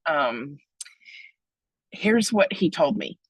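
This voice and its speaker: A woman in her forties giving a lively webinar talk, joking and chatty, with big excited leaps in her voice. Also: moderate pace, breathy edge, no room sound, rough recording. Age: 40s. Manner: playful, joking, chatty asides; big excited pitch jumps. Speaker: webinar presenter on donor relations.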